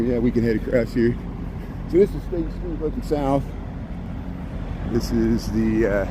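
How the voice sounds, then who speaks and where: Chatty man walking city streets. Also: medium pitch. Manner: chatty, rambling, sarcastic asides. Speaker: walking-tour livestreamer. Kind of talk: casual walking commentary. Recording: street noise and passing traffic.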